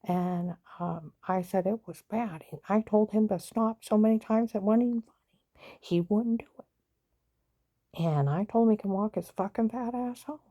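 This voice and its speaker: A woman vlogger with a mid-range voice tells a long personal story at a moderate pace, heated and repetitive, swearing bluntly and often saying "I said." The recording sounds muffled.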